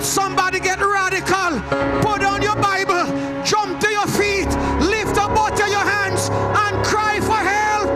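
A pastor preaches at full volume in a very high, gravelly voice, stretching his words slowly into a chant. He calls out to the congregation and breaks into tongues. Loud church music plays behind him. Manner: chanting, shouting, speaks in tongues. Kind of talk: shouted Pentecostal sermon. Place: church sanctuary.

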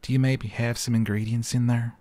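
A man's voice: medium pitch, level tone, brisk, warm tone, faint music behind, close to an everyday voice. Man doing a drawling Southern belle chef. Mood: sugary pushy. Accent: exaggerated Southern US, mock. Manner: drawling, sugary, calls everyone sugar. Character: pushy Southern belle chef, sweet-talking.

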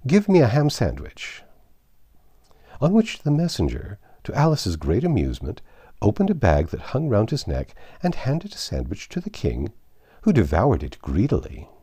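A man narrating an audiobook reading of a classic tale in a lively, expressive storytelling manner. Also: on the low side, moderate pace, slightly rough.

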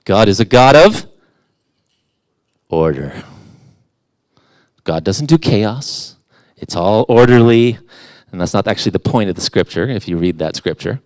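Lively, low-voiced casual preacher man. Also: moderate pace, long pauses, no room sound. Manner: casual and self-deprecating, with playful asides. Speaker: guest preacher. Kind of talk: conversational sermon. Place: church.

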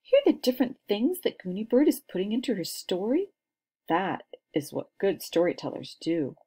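A gentle schoolteacher, voiced by a woman reading aloud addresses her class kindly. Her tone is instructive and patient, in a storybook reading. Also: mid-range voice, sing-song, normal speed, husky.

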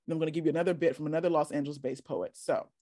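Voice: medium pitch, fairly even intonation, rapid-fire, dark tone, no room sound, studio quality. A workshop leader teaching casually over a video call, chatty and encouraging, often asking "right?".

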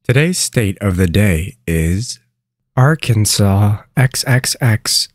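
A man hosting a joke pronunciation video, with grand self-introductions and drawn-out, exaggerated pronunciations. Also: fairly low pitch, animated, dry recording, studio quality. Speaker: host of a pronunciation channel. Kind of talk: mock tutorial comedy.

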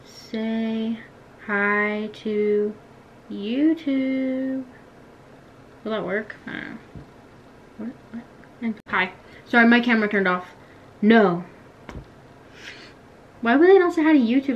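A chatty teenage girl vlogging as she plays a game, with a fairly high voice. She giggles and grumbles as she talks. Her voice comes through dull, lo-fi camera audio. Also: a little hiss or hum. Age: teens. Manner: chatty, giggly, quick to complain. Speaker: YouTuber. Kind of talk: casual gaming vlog chat.

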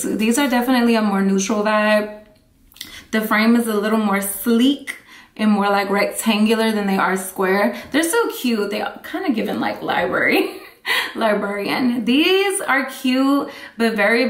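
A chatty woman talks straight to her viewers in a relaxed, upbeat way. Her voice sits at an ordinary middle pitch, and the room around her rings with a noticeable echo. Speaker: vlogger. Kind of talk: casual chat to camera. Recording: echoey room.

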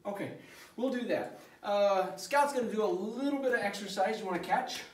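High-voiced teacher in an echoey room. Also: male voice, normal speed. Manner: chatty and loose, with fillers, talking to his dog. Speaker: science teacher. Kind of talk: casual classroom video lesson. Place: empty classroom and school hallway. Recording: echoey room, voice from far off, faint noise.

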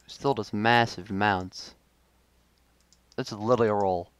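A man's voice: on the low side, steady tone, a little slow, clear, resonant tone, no echo. A young man giving live commentary on his own game match, frustrated and self-critical, with sudden outbursts. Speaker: gaming video creator.

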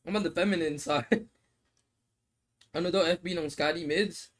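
Young man, fairly high voice, laid-back streamer banter with laughs and swearing, chats while eating. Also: moderate pace. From Australia. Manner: talks while eating noodles. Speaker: mobile game streamer. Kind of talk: casual livestream chat, reading comments.

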